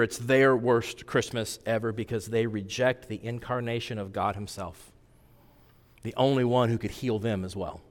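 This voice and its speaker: A man preaching a sermon as pastor, animated, swinging from loud emphatic peaks to hushed intense asides. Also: medium pitch, long reverb tail.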